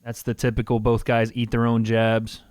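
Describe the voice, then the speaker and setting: A man's voice: medium pitch, monotone, normal speed, a little mellow, dry recording, clean studio sound. A man co-hosting a podcast, casually breaking down old fight footage and calling out punches with little sound effects.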